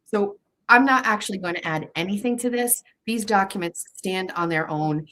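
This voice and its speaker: A woman's voice: medium pitch, normal speed, fairly bright tone, poor audio. A young adult woman, hosting her show in a heated, profane monologue, repeating herself as she pushes back at critics. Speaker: show host.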